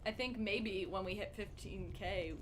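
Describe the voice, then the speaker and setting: A woman's voice: mid-range voice, unhurried. A woman with a mid-range voice co-hosting a charity stream in casual chat, friendly and laughing often.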